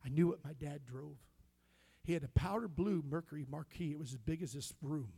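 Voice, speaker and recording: A male pastor with an American accent telling a personal story in a sermon, dropping to hushed whispers and rising to shouted praise. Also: fairly high pitch, a little fast, creaky, breathy edge.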